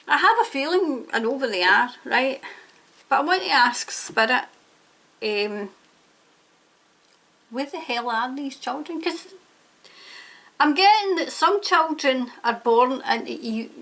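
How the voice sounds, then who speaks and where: High-voiced, indignant woman reading tarot. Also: lively intonation, moderate pace, a bit bright. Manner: emphatic, indignant, prone to ranting. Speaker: tarot reader. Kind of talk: tarot reading monologue to camera.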